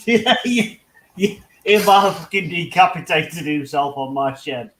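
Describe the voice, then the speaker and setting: A man from the United Kingdom with a fairly high, expressive, slightly bright voice hosts a hangout, chatting casually with friends at a measured pace. He rambles through stories, swears freely, and laughs at himself, and the rough recording has slight background noise.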